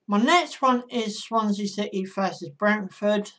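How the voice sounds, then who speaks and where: Woman doing footy predictions on her channel, chatty, talks right to the viewers, mid pitch. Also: unhurried, a bit bright. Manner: chatty, speaks straight to viewers. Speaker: football predictions vlogger. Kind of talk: casual predictions monologue.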